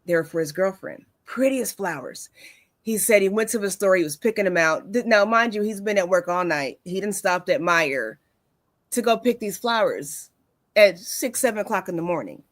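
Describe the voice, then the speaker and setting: A woman's voice: mid-range voice, lively intonation, normal speed, dry recording. A woman in her forties hosting a wellness talk show, telling stories casually with many fillers. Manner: warm storytelling with many fillers. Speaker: host.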